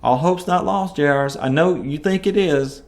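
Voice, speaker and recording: A man hosting a Bible teaching podcast, talking in a relaxed, conversational way. His voice sits a little higher than most men's. He gets animated when he acts out what people said. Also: moderate pace. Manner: lively, conversational, swings into animated quoted voices. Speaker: podcast host teaching scripture.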